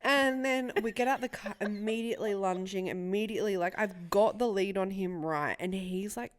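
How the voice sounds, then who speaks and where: A woman's voice: mid-range voice, normal speed. A young woman co-hosting a podcast, rambling through a story in casual chat, swearing freely and laughing often. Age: young adult. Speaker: podcast co-host.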